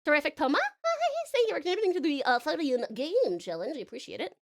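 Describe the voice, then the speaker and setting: A woman's voice: sits high, sing-song, rapid-fire. Giggly chatty woman streamer. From Australia. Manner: chatty, giggly, talks to chat while working. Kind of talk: casual live-stream chat.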